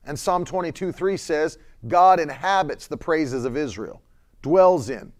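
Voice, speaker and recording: A male preacher delivering a sermon with emphatic, drawn-out phrases, breaking into loud cries when he quotes scripture and laughing between points. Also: fairly high pitch. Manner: emphatic, stretches words, shouts quotes; laughs between points, reads chat comments.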